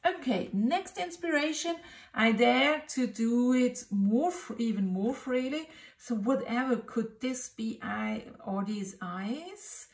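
A woman's voice: on the high side, animated, slow pace. A woman thinking aloud as she draws, hesitant and muttering, asking herself questions as she goes. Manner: hesitant, muttering, many fillers and self-questions. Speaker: drawing teacher. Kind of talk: thinking aloud while drawing. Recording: roomy echo, distant mic.

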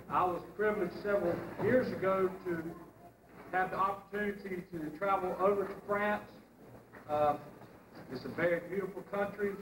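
A man telling a comic story on stage at a school pageant, deadpan. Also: high-pitched. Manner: deadpan storyteller with put-on French accent. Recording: echoey hall from far off, noisy.

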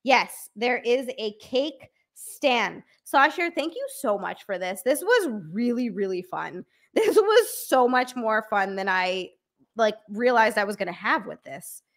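A young adult woman chatting on a live stream from a room at home, excitable and chatty, thanking viewers by name and bursting into squeals. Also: fairly high pitch, unhurried. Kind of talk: casual live-stream chat.

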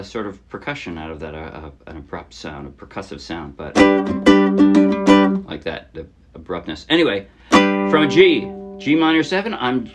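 A man teaching a ukulele song in a casual, chatty way, often trailing off softly and poking fun at himself. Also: lowish voice. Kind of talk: casual tutorial explanation. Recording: loud ukulele playing under the voice. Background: ukulele strumming.

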